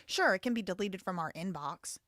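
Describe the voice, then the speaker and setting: Speaking a little quickly with lively intonation, this livestream host from the Southern US reads super chats aloud. Her commentary is blunt and outspoken, climbing loud and high when heated, captured in studio quality without echo.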